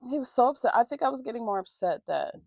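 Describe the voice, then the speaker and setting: Heavily gravelly woman venting a story. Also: on the high side, sing-song, quick pace, a little mellow, slight background noise. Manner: profane, heated venting with constant fillers. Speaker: vlogger. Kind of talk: casual storytime. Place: indoors at home getting ready.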